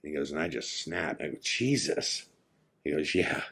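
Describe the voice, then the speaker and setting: A man's voice: steady tone, fast talker, creaky, slightly rough. A man hosting a podcast, telling a personal story casually and acting out his friends' lines in quoted dialogue. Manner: drops to a hushed, low tone for the eerie parts. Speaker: podcast host.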